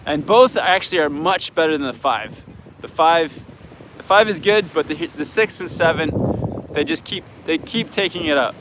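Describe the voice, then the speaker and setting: High-voiced Canadian man, wind on mic. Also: animated, normal speed. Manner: easygoing, frank, thinks aloud. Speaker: snowboard coach and channel host. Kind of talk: live viewer Q&A chat.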